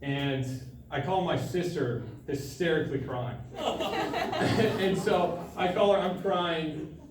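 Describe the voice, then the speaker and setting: A young man giving a sermon to a student group, telling a personal story in a casual, animated way with frequent laughter. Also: a little high, takes it slowly. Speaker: student speaker. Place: large room at a student gathering. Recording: echoey room, from far off, faint noise.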